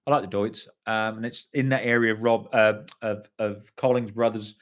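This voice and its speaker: A man's voice: on the low side, fairly even intonation, moderate pace. A middle-aged man hosting a live stream, reading viewer comments in a casual, rambling way and swearing freely. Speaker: livestream host.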